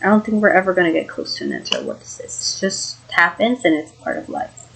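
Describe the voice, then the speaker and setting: A woman's voice: lowish voice, wildly swooping pitch, fast talker, vocal fry, fairly bright tone, slightly rough, rough recording. A young woman telling a frightening true story in a casual, rambling vlog, full of fillers and the odd swear word, sounding shaken. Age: young adult. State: shaken, emotional. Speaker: vlogger.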